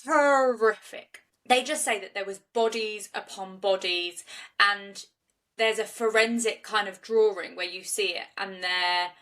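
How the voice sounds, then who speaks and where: A woman's voice: mid-range voice, fairly even intonation, a little slow, pushed and bright. A woman, co-hosting a podcast and recounting a case in a chatty, loose style full of restarts. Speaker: podcast co-host. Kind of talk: casual true-crime storytelling.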